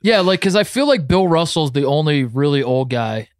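A man's voice: on the high side, lively intonation, moderate pace, smooth, dry recording. Male co-host, casual sports banter, rambling delivery with laughs, dry recording. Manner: rambling, many restarts, laughing asides. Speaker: podcast co-host.

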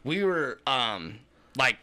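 A man's voice: mid-range voice, big pitch swings, takes it slowly, bright, forceful tone. A man from the Kentucky tri-state area, a podcast co-host, telling a rambling, profane story in a casual chat.

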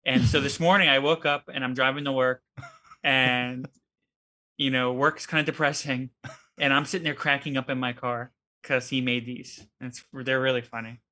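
A man co-hosting a casual podcast, retelling funny moments in an animated way. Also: medium pitch, normal speed. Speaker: podcast co-host. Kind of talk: casual chat.

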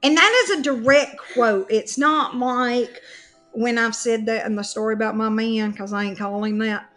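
A woman, telling a comic story on a podcast in a casual, animated way and laughing as she goes. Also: fairly high pitch, normal speed, faint music behind. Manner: animated, laughs through her own story. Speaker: podcast co-host.

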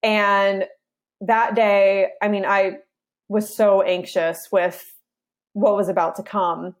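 A young woman speaks as a podcast guest. She tells a personal story casually, with a medium-pitched voice, and acts out her side of past conversations with lively energy. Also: slow pace. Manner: animated retelling, acting out her side of conversations. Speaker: interview guest.

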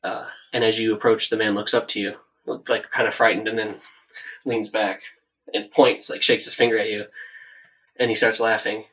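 A soft-spoken man narrates a tabletop game as game master. His voice sits on the low side, and he wanders through the story. The mic catches him from a little way off. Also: flat delivery, normal speed, recorded from a distance, dull audio. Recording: voice set back from the mic.

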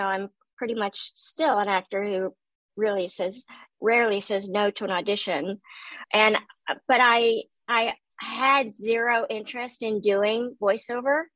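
A middle-aged woman with a high, youthful, nasal voice talks through her career in a relaxed interview. She is a lively, self-deprecating storyteller. The recording is close and dry, with no room sound. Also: measured pace, no room sound, poor audio. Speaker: voice actor guest. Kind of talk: casual interview chat.

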